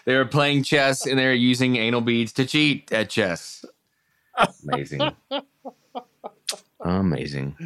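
A man's voice: mid-range voice, steady tone, measured pace, few pauses, fairly bright tone, smooth, dry recording. A man co-hosting a casual talk show, cracking wry jokes. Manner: wry, joking banter. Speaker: podcast co-host. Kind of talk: casual chat.

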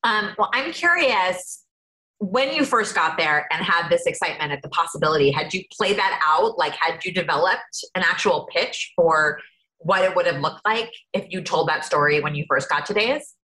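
Lady asking the questions, kinda low pitch but bright sound, curious, says uh a lot. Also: animated, low-quality recording. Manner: curious, measured questioning with fillers. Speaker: interviewer. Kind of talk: interview questions.

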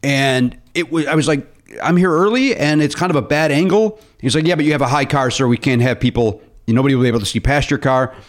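Man telling a lively anecdote. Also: medium pitch, fast talker. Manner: animated, acts out quoted voices in anecdotes. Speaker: podcast co-host. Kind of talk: casual chat, storytelling.

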